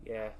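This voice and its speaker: A young man hosting a podcast in casual chat, crude and swearing, with loud outbursts. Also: noisy background. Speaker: podcast host.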